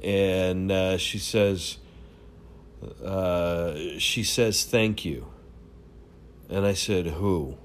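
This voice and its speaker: Guy rambling thru a story at home, lots of uhs, gets excited in bursts, kinda low voice. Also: very slow, slight background noise. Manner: rambling, many fillers and restarts; animated, swings up in excited bursts. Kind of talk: casual storytelling. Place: home room.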